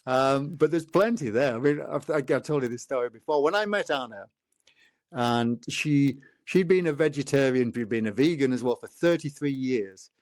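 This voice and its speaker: A man in his fifties, a guest telling personal stories in a relaxed conversation and acting out the dialogue. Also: normal speed, no room sound, studio quality. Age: 50s. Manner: animated storyteller, acts out dialogue with lively pitch jumps. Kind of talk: casual storytelling in a conversation.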